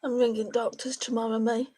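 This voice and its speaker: A woman, her voice sitting a little high. She chats casually and warmly to her viewers by name while applying eyeshadow on a live stream. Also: flat delivery, a little fast. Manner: chatty, talks to viewers by name. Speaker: beauty livestream host. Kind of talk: casual makeup livestream chat.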